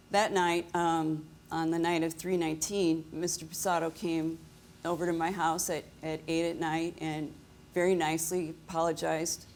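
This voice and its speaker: A woman as plaintiff on a TV court show, telling her story to the judge in steady detail. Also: deep voice, slight background noise. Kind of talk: courtroom testimony.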